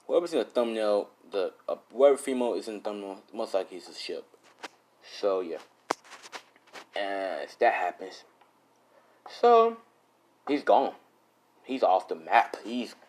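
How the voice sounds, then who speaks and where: A man's voice: fairly low pitch, slight background noise. A young man casually improvising a fan story, rambling, swearing and correcting himself as he goes.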